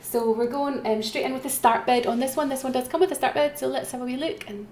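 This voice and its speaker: Woman auction host, chatty and self-mocking, echoey room, soft typing behind. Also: high-pitched, fast, slight background noise. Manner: chatty, self-mocking, repeats calls for bids. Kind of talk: live-streamed auction commentary. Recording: roomy echo, faint keyboard typing.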